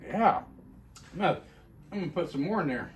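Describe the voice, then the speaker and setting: A man's voice: fairly high pitch, animated, a little fast, slight background noise. A man reviewing his own homebrewed beer in a casual chatty video, rambling with fillers and restarts.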